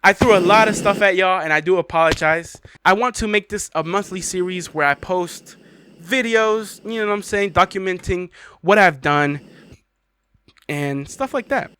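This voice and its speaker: A man's voice: high voice, moderate pace, sharp tone, clean tone. A young man hosting his own gameplay channel, chatting casually in slang and reacting with disbelief. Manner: incredulous, slangy, cursing. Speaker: gaming channel host.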